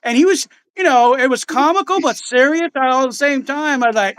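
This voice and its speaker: Higher-voiced man, rambling storyteller. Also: a little fast, hardly any pauses, a bit bright, smooth. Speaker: guest. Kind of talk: casual chat.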